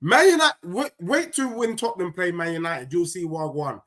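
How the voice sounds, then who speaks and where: A man's voice: high-pitched, big pitch swings, fairly quick. A man hosting a fan call-in stream, teasing and talking over his callers in casual banter.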